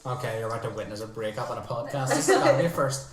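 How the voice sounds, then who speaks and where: Male co-host, sarcastic and crude, mid pitch, roomy echo. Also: rapid-fire, crowd noise. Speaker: podcast co-host. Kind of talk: casual banter. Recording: echoey room, faint hiss.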